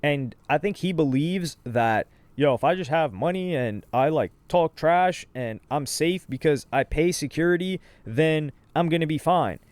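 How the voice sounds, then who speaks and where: A man's voice: a little high, lively intonation, unhurried, hardly any pauses, darkish tone, dry recording. A young man co-hosting a casual reaction show, telling the backstory in loose slang with lots of asides. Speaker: co-host reacting to streamer clips.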